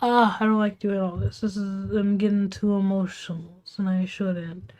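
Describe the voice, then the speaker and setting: A woman streamer venting from home late at night, keeping her voice hushed and half-whispered, swearing and rambling with restarts. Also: mid-range voice, little pitch movement, moderate pace. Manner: hushed, half-whispered talk to keep quiet. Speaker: live streamer. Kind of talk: venting storytime on a livestream.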